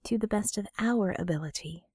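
A woman reading as a wry, sharp-tongued young woman. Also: medium pitch, breathy edge, no room sound, clean studio sound, natural voice. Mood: earnest. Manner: wry, quick, sarcastic. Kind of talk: audiobook character voice.

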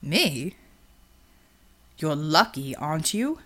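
A woman's voice: low-pitched, very animated, slow pace, a bit bright, voice pushed down, heavily acted. A woman voicing a sardonic, wisecracking male gunslinger hero in an audiobook. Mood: wry. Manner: sardonic, dry quips.

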